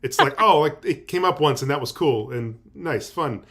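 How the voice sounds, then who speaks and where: A man guest on a podcast, musing in a wry, halting way. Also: mid-range voice, expressive, background noise. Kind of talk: casual podcast chat.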